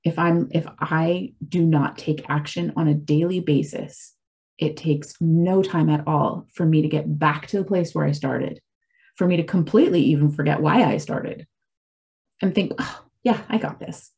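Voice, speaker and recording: A woman's voice: deep voice, fairly even intonation, moderate pace, gravelly, a little mellow, husky. A woman in her forties talking casually and candidly about her faith and recovery, reflective, with frequent fillers and restarts. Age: 40s. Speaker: speaker sharing a personal faith and recovery story.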